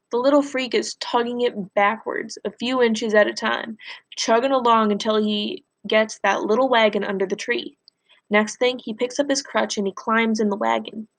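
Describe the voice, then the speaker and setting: A woman teacher reading a novel aloud for a lesson, telling the story expressively and pausing to ask the class questions. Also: mid-range voice, gravelly.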